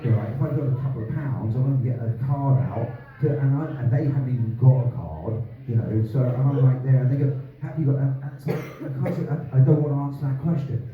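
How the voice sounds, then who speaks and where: A man's voice: mid-range voice, fast, hardly any pauses. A man from England performing a rambling, profane stand-up comedy set, often breaking into laughter. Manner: rambling, profane, self-interrupting with frequent laughs. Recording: distant phone-like recording in a very echoey room.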